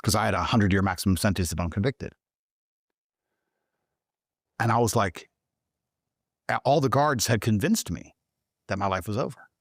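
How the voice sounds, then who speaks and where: A man from Britain, a guest in an interview, telling a story in a heated, profane way and swinging into high, excited outbursts. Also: normal speed, long pauses, no room sound, studio quality.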